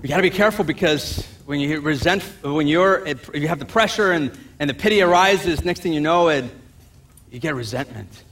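A man preaching a sermon as pastor, animated, acting out the voices of people in the story and dropping to a quiet voice for asides. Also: normal speed, slight background noise. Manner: drops to a low, quiet voice for asides.

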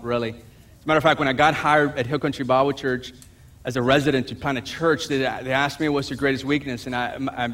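A man preaching a sermon as pastor, animated, acting out the voices of people in the story and dropping to a quiet voice for asides. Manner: drops to a low, quiet voice for asides.

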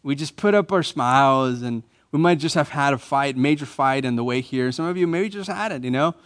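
A man preaching a sermon as a pastor in a church, emphatic, repeating key phrases and rising to louder bursts. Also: medium pitch, fairly quick.

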